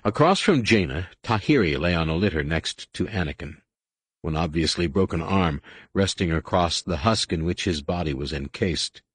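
Husky male audiobook narrator, low voice. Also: animated, normal speed, dry recording. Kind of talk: scripted narration.

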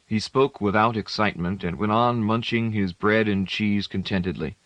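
A man narrating a novel as an audiobook in a measured, steady reading. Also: fairly low pitch, dry recording. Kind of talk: scripted narration.

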